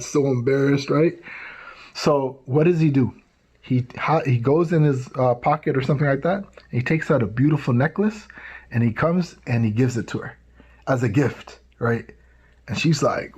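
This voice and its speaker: A man telling religious stories to tweens in a casual, animated way, checking in with the listeners often. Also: mid-range voice, moderate pace, slightly rough. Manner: casual, animated, tags lines with "right?"; acts out quoted voices. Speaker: youth speaker. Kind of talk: storytelling talk to tweens.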